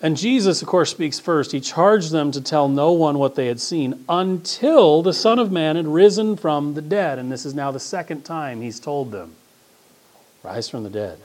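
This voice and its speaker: A middle-aged man preaching a sermon as pastor, swinging between loud emphasis and hushed, quiet asides. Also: fairly high pitch, expressive, normal speed, few pauses.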